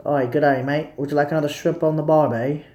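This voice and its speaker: A cheery Australian bloke with a clumsy, overdone stereotype accent, as a man puts him on. The voice sits a bit high, and it rings in a roomy, echoey space. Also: fairly even intonation, fast, mellow, natural voice. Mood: jokey. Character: mock friendly Australian bloke, adult man.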